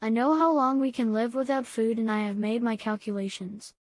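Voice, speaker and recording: A steady, measured miner, the one who keeps reasoning while the others despair, as a woman reads him aloud. Her voice is slightly high and sits dry and close to the mic. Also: dry recording, lightly acted. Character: calm, reasoning older male miner, the professor.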